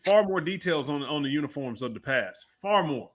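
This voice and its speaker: A man's voice: on the high side, lively intonation, moderate pace, fairly bright tone. A man co-hosting a basketball podcast, arguing his point insistently in casual chat. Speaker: podcast co-host.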